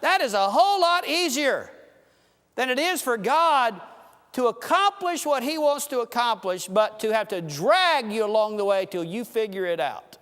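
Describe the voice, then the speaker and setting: A man preaching a sermon, telling folksy farm stories and swinging between loud and soft delivery. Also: very high-pitched, very animated, normal speed, big-room sound. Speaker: pastor.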